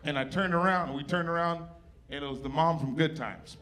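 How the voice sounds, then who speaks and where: A man's voice: fairly high pitch, fairly quick. Profane, emotional man doing stand-up. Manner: profane, emotional, close to tears. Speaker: stand-up comedian. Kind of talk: stand-up set. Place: comedy club stage. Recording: live club with audience noise.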